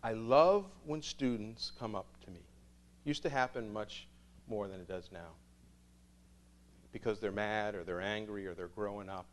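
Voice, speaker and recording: A man, a priest, telling a story to students in an animated way, acting out the dialogue. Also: lowish voice, normal speed.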